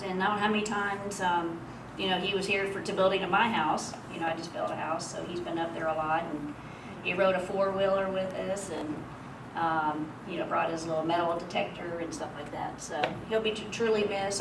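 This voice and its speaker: A woman's voice: on the low side, creaky. Woman telling a funny eulogy story, far off. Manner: chatty, laughing often through stories. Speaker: memorial speaker. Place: memorial gathering hall. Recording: echoey room, distant mic, noisy.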